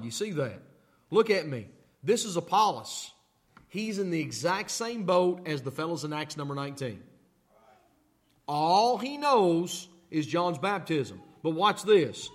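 Man, pastor preaching, high voice, emphatic, repeats himself. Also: big pitch swings, measured pace. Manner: emphatic, repeats phrases, asks the congregation questions. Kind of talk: sermon.

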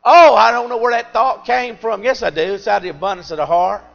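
A middle-aged man preaching a sermon, swinging between loud emphatic peaks and quiet confiding asides. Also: high-pitched, fast, creaky, highs cut off, soft background music.

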